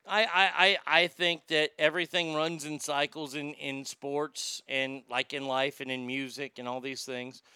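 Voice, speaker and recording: A man's voice: on the high side, sharp tone, smooth, no echo. A man hosting a podcast in casual, profane, rambling commentary, reading listener comments aloud. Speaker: podcast host.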